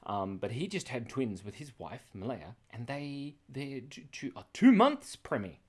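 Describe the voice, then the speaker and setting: Hosting a live drawing stream, an Australian man reads chat and reacts to it, laughing often as his talk wanders in a scattered way. His medium-pitched voice is sing-song and slightly rough, and he takes his time.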